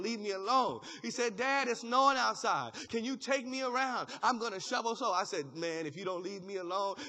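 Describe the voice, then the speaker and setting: High, bright-voiced preaching pastor. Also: male voice. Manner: preaching with rising fervor, repetition and call-outs. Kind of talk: sermon.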